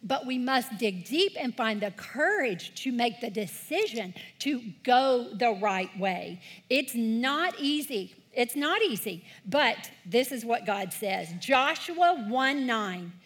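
A children's ministry leader speaks in a church talk for kids and parents, earnest and encouraging as she calls the congregation to read scripture aloud with her in call-and-response. Her voice is a little high and a bit bright, animated, with a slow pace and hardly any pauses.

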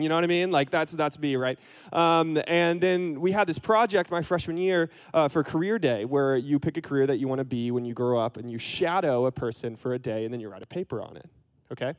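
A man's voice: fairly high pitch, moderate pace, clear, resonant tone. A young man who leads youth ministry, giving a casual storytelling sermon in a chatty, self-deprecating way with many fillers and restarts.

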